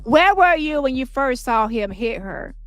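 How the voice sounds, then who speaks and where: A woman reading the part of an attorney questioning a witness in court, with brisk, pointed questions and faint music behind. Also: sits high, expressive, pitched above the performer's own voice. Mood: probing.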